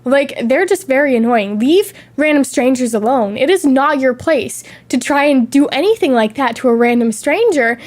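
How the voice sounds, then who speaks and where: A young woman with a high, light voice chats casually on a stream. She is sick with a lingering cough and tells stories in an animated, lively way. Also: moderate pace, few pauses. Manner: animated, chatty storytelling with acted-out quotes. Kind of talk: casual chat.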